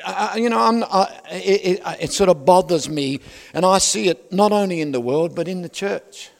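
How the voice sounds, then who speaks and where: A man's voice: high voice, moderate pace, vocal fry. A man preaching a sermon, conversational with joking asides to the congregation. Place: large church hall. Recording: long reverb of a large hall.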